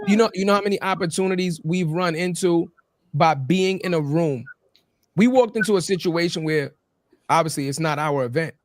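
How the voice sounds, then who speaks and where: High-voiced, swearing podcast host. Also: male voice, no room sound, clean studio sound. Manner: loose, profane, emphatic storytelling. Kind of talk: casual podcast conversation.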